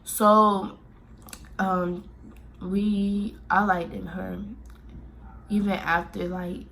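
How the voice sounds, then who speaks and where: A woman's voice: mid-range voice, level tone, very slow, gravelly, a bit bright, slight background noise. A woman from Miami telling a personal story in a casual, rambling way, full of fillers and restarts. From Miami, Florida.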